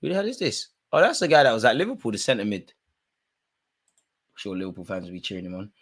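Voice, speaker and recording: Excitable young guy, football watch-along. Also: fast talker. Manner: excitable, swings between loud outbursts and low mutters, heavy slang. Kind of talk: live match watch-along commentary.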